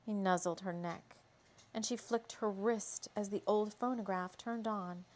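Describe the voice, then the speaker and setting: A woman's voice: medium pitch, steady tone, measured pace, darkish tone. A woman storyteller reading a spooky romance story aloud, leisurely and dramatic, with chatty asides.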